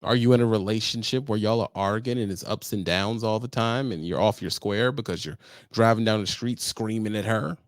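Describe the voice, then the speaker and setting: A man hosting a casual trucking livestream, talking bluntly and swearing, his voice jumping high and loud when he presses a point. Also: a little fast, dry recording, clean studio sound. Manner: blunt, animated, swears, rises to loud high-pitched emphasis. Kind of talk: casual advice talk to viewers.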